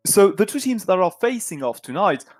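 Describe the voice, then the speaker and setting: A man's voice: high voice, very animated, a little fast, no echo, faint music behind. A man with a French accent co-casting an esports match, talking through the playoff picture and often correcting himself. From France. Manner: talkative, analytical, self-correcting. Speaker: esports co-caster.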